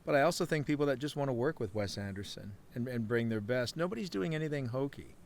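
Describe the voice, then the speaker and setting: A man on a podcast who gets excited about a movie and keeps talking, one thought running into the next. His voice sits at a middle pitch, and he sounds like an ordinary guy chatting with friends. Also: fast talker, vocal fry, slight background noise. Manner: enthusiastic, talks in long run-on thoughts. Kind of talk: casual film discussion.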